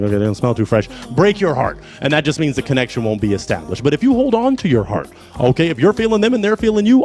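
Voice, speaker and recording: A man hosting a dating show with playful, animated energy, stretching words for effect. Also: sits high. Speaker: host.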